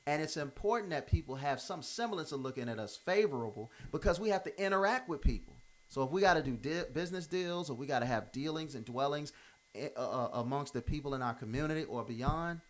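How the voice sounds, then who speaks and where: A man's voice: on the high side, a bit bright. Guy riffing on life advice, casual, keeps restarting his sentences, punchy and informal. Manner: emphatic, repeats himself and restarts phrases; informal, drops verbs. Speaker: commentator giving life advice. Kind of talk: unscripted motivational monologue.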